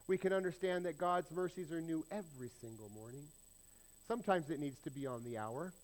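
A male pastor preaching a sermon, emphatic and swinging between loud declarations and hushed asides. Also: fairly high pitch, brisk, low-quality recording.

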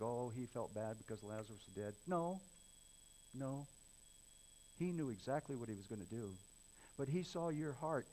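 A man's voice: a little high, warm tone, low-quality recording. A man preaching a sermon, reading scripture aloud and explaining it in earnest, rising to emphatic passages. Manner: earnest, builds to emphatic raised passages, some stumbles and restarts. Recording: faint mains hum.

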